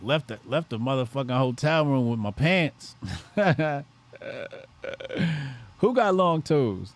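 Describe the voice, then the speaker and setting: A man's voice: mid-range voice, lively intonation, slow pace. A man hosting a livestream, joking crudely and reacting to his chat. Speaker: livestream host.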